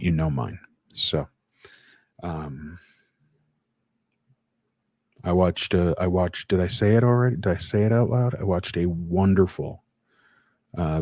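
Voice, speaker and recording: Slow, deep-voiced man hosting a live chat. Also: darkish tone, dry recording, clean studio sound. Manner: halting, many fillers and restarts; greets chat viewers by name. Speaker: livestream host. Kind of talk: casual live-stream chat.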